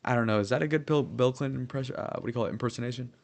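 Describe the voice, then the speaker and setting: A man's voice: medium pitch, very fast, creaky. A young man in his twenties chatting casually on a livestream, rambling with lots of fillers and swearing. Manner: rambling, filler-heavy, profane.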